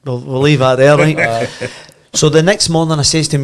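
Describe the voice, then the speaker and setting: A Scottish man in his fifties with a Glasgow accent, a podcast guest telling old football stories in a lively way, swearing and laughing as he goes. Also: a little high, moderate pace. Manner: animated, laughs and swears freely while telling. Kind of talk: casual anecdote storytelling.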